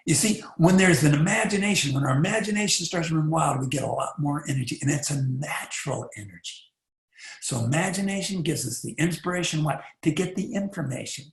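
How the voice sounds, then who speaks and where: A man giving a motivational talk, animated and rhetorical, often asking the listener questions. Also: fairly high pitch, fairly quick, gravelly. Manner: animated, rhetorical, acts out little voices. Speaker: motivational speaker. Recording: echoey room.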